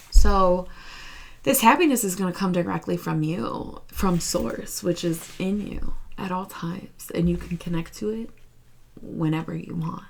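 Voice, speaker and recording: Gravelly-voiced woman giving a chatty tarot reading. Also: lowish voice, a little mellow, slight background noise. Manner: chatty, repeats "okay?" and "right?" to the viewer; slow, emphatic encouragement. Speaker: tarot reader.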